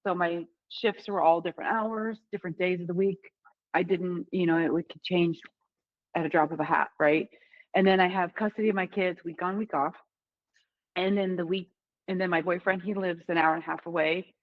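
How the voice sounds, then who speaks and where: A woman with a fairly low voice chats openly on a podcast, swearing casually and laughing as she goes. The sound is a little muffled and lo-fi. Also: fairly even intonation, normal speed, no echo. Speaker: podcast co-host.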